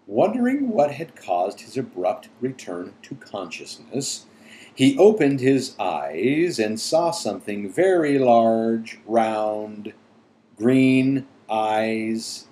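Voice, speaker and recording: A man reading a storybook aloud to his daughters, playful and unhurried, correcting his own slips. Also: mid-range voice, big pitch swings, warm tone, low-quality recording. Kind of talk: bedtime storybook read-aloud.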